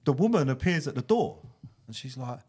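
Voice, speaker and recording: A man's voice: mid-range voice, lively intonation, a little fast, darkish tone, slightly rough. A blunt flooring fitter spinning a job story for his mates on a podcast. His voice rises and falls with a lot of movement, and he talks plainly and without polish. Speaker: flooring tradesman, guest. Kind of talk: casual storytelling chat.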